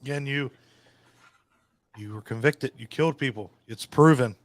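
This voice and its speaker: Blunt, foul-mouthed podcast host, dry sound. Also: male voice, medium pitch, moderate pace, dry recording. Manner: blunt, swears freely. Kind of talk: casual group chat.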